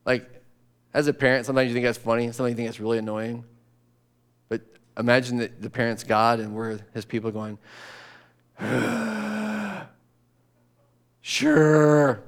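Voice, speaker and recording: A man's voice: mid-range voice, little pitch movement, fast talker, fairly bright tone, smooth. A man preaching a sermon in a conversational way, acting out grumbling voices and sighing as he goes. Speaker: pastor.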